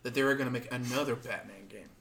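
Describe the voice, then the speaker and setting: A man's voice: medium pitch, fast talker, gravelly, a bit bright. A man co-hosting a casual podcast chat, with dry, self-mocking humor. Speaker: podcast co-host.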